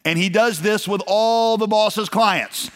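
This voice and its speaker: A man's voice: high-pitched, slow pace, fairly bright tone. A man preaching a sermon in a conversational way, acting out the quoted voices of his stories. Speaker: pastor. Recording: long hall reverb.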